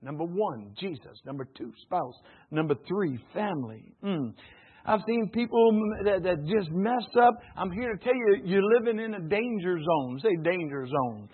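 Male pastor, husky high voice, folksy and animated, phone-thin sound. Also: moderate pace. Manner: folksy, animated, calls for audience responses, laughs often. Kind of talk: sermon. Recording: phone-like narrow band.

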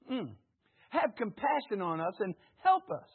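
A man preaching a sermon with call-and-response, his voice swelling to shouts on key lines. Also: sits high, sing-song, normal speed, slightly rough. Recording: tinny phone-like recording.

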